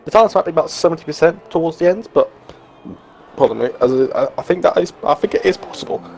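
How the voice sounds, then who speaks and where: A man's voice: a little high, quick pace, vocal fry, a little mellow, a little hiss or hum. A man co-commentating on a live online racing league, working through tyre and race strategy in a chatty way.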